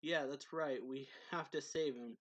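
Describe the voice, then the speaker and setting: A man's voice: mid-range voice, steady tone, measured pace, fairly bright tone, no echo. A man voicing an earnest young male rescuer as he casually retells the lines in a slightly raised voice. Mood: urgent.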